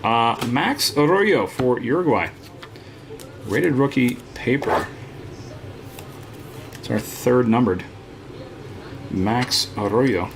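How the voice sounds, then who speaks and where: Animated teasing male breaks host. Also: mid-range voice, slow pace, long pauses, background noise. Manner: teasing, banter with viewers, frequent "uh" fillers. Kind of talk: casual live-stream chat.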